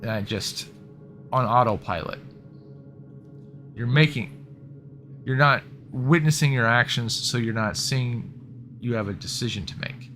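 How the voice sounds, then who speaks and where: A man's voice: mid-range voice, a little slow, long pauses, a bit bright, faint music behind. A man in casual conversation, talking hesitantly and stammering, repeating words as he thinks.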